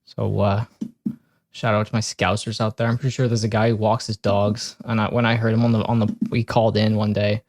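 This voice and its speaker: A man's voice: fairly low pitch, little pitch movement, brisk, darkish tone, no echo. A man co-hosting a podcast in casual chat, easygoing and laughing along as he talks. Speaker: podcast co-host.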